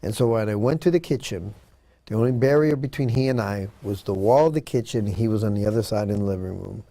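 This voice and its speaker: Man telling a dramatic story, mellow voice. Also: fairly low pitch, fast talker. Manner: earnest, dramatic retelling with acted-out quotes. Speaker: guest. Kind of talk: telling a personal story in an interview.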